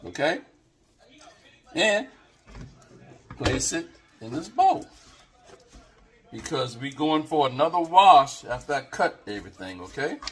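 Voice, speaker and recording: Brief: unhurried male home cook, rambling chatty kitchen demo to a tripod camera. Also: fairly high pitch, big pitch swings, slight background noise. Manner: rambling, talks straight to viewers, lots of okays. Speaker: home cook filming a cooking video. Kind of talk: casual cooking demonstration to camera.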